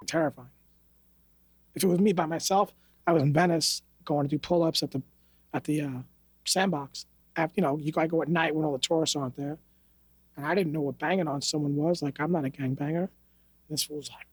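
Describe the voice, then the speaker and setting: A man's voice: on the high side, fairly even intonation, brisk, pauses often, slightly rough, dry recording. A man from New York, a martial arts instructor, telling stories on a podcast in a blunt, profane, streetwise way. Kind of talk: casual interview storytelling. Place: podcast studio.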